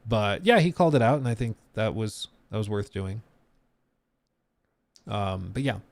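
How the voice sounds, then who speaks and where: A man's voice: on the low side, expressive, moderate pace, gravelly, dry recording. Man chatting on a live stream, dry sound. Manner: talks while reading and answering chat, many fillers and trailing asides. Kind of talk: casual live-stream chat.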